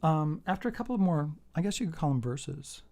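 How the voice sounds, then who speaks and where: A man's voice: fairly high pitch, expressive, brisk, gravelly, darkish tone. A man giving a casual guitar lesson, walking through a song and counting out the beats. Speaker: guitar teacher. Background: acoustic guitar playing.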